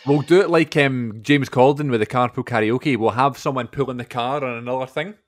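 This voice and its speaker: Man, Scottish accent, podcast host, casual chat, medium pitch, dry close recording. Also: a little fast, no echo. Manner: relaxed and conversational, with frequent fillers. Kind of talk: casual film-discussion chat.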